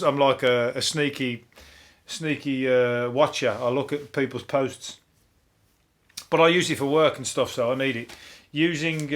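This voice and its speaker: A man from Birmingham with a Brummie accent, hosting a solo comedy podcast, riffing on the news in a deadpan, sweary, rambling way. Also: medium pitch. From Birmingham, England.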